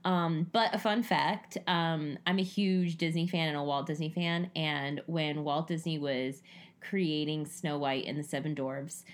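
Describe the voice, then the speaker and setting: Giggly animated woman with a lowish voice. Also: a little slow. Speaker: podcast co-host. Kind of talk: casual chat.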